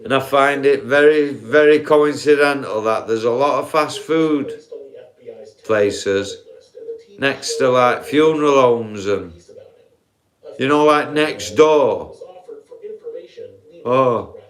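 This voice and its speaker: A man's voice: mid-range voice, takes it slowly, long pauses. A man ranting profanely on a live stream, laughing at his own points and calling his viewers guys.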